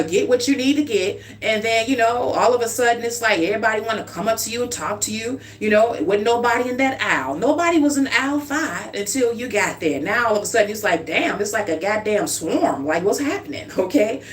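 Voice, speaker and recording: A woman's voice: on the high side, expressive, fairly quick, few pauses. Chatty woman giving a tarot reading. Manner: chatty and informal, keeps asking "okay?" and calling the listener "dear one". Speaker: tarot card reader. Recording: slightly distant mic with faint hum.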